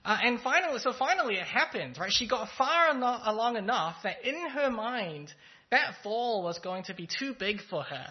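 A pastor giving a conversational sermon, telling a story in a relaxed, thoughtful way with frequent fillers. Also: mid-range voice, normal speed. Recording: slightly dull, lo-fi sound.

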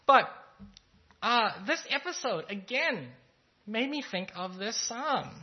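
A pastor speaks to the congregation in a plain, mid-pitched voice, telling a story in an easygoing, thoughtful way. The delivery is unhurried and full of small fillers. The recording sounds a little dull and lo-fi. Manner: relaxed, thoughtful, with frequent "uh" fillers. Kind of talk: conversational sermon with storytelling.

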